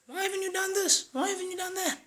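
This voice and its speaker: A man voicing a nagging village wife in a high, scolding voice. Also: fast, bright, forceful tone.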